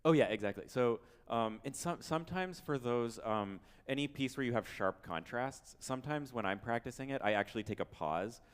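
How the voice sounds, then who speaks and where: A man teaching a piano masterclass, humming and singing phrases to show the student how a passage should go, with gentle encouragement. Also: medium pitch, moderate pace, few pauses, clear, resonant tone. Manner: sings and hums phrases to demonstrate, gentle encouraging coaching. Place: piano showroom recital space. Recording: roomy hall with piano playing. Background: piano playing.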